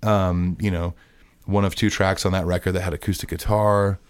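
Co-hosting a podcast, a man speaks in a smooth, deep voice at a moderate pace, recorded without echo. He keeps things loose and rambling, peppered with fillers and false starts.

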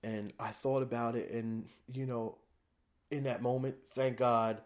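A man, a podcast guest, telling a hard personal story in a candid, raw way. His voice sits at a mid pitch, and he swears without holding back. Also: flat delivery, unhurried.

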